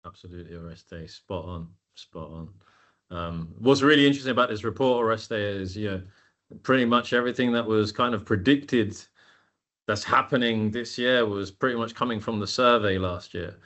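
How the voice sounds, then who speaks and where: Low-voiced man hosting a webinar. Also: normal speed. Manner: loose, filler-heavy, relaxed. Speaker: webinar host. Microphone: video call.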